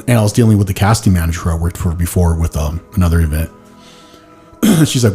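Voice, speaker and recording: Man hosting a chatty podcast, low voice. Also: lively intonation, fast, dark tone, faint music behind. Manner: rambling storyteller, heavy use of "like", slips into silly voices. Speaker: podcast host. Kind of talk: casual chat.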